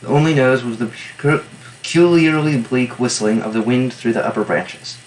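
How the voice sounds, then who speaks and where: A man at an ordinary middle pitch reads a novel aloud, carrying the first-person narration at an even, unhurried pace. He breaks off now and then for dry, casual remarks on the text before sliding back into the story. A faint hiss sits under his voice. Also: poor audio. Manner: steady first-person narration broken by wry, offhand asides. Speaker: reader and annotator. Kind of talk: reading a novel aloud with commentary.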